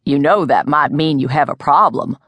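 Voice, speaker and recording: Calm stern guy who cares, low and even , read by a lady narrator. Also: a little slow, no room sound. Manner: compassionate but stern. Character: sober, stern but caring man.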